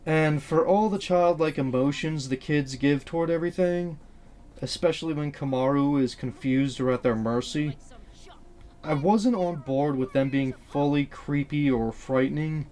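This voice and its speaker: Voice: medium pitch, normal speed, darkish tone. Blunt, earnest game commentator. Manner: blunt, earnest, swears casually. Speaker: channel host.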